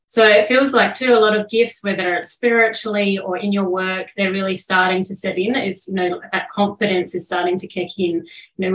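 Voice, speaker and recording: A woman's voice: medium pitch, a bit bright. A woman delivers an intuitive card reading in an earnest, flowing way. She sometimes searches for words. The recording has an echoey room sound. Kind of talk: channelled spiritual message.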